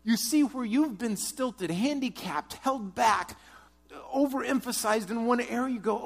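A pastor preaching a sermon, earnest, moving between strong urging and quiet, hushed prayer. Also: male voice, extremely high pitch, unhurried, vocal fry. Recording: long hall reverb.

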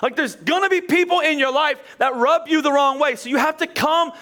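A man preaching a sermon in an animated, conversational way, acting out quoted voices. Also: very high-pitched, a little fast. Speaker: pastor.

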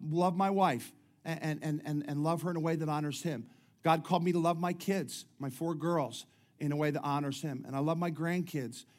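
A middle-aged man delivers a sermon in a conversational, joking way, often restarting his sentences. His voice sits a little high for a man. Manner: conversational preaching with humorous asides and frequent restarts. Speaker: pastor.

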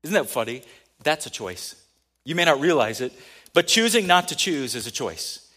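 A man delivers a sermon with a slightly higher-pitched voice. He talks conversationally, then builds to emphatic, forceful peaks. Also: sing-song, normal speed. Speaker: pastor.

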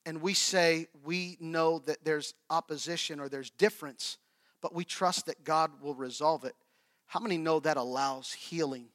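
A man preaching a sermon as pastor. He tells a personal story, moves between loud stretches and hushed ones, and asks the congregation questions. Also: fairly high pitch.

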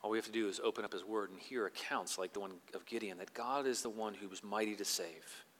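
Preacher with a bright, hall-echoing voice. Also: male voice, lowish voice, slight background noise. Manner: swings from quiet, slow reflection to loud, emphatic scripture reading. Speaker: pastor. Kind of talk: sermon.

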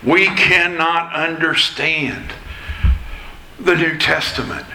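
Bright-voiced man preaching slowly. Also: a little high, fairly even intonation, echoey room, a little hiss or hum, rough recording. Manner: measured, explanatory teaching. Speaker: pastor. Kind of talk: expository sermon.

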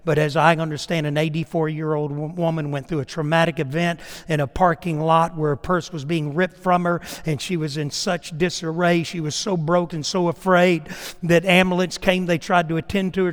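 A man preaching a sermon, swinging from hushed asides to loud, emphatic peaks. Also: a little high, in a large hall. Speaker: pastor.

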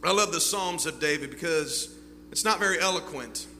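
Fervent, bright-voiced preacher man. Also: a little high, moderate pace. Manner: fervent preaching, swinging between loud and hushed. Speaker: pastor. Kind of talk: sermon. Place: church sanctuary. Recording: reverberant hall with faint hum.

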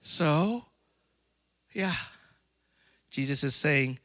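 A man preaching a sermon in an animated way, acting out little voices, laughing and calling for amens. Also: a little high, normal speed, dry recording, studio quality. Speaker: pastor.

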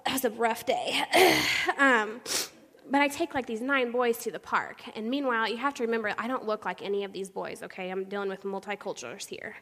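A woman's voice: on the high side, fairly quick. Young woman telling a story in a reverberant hall. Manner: animated storytelling, acting out the people she quotes. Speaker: church speaker sharing her testimony. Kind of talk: personal testimony told to a congregation.

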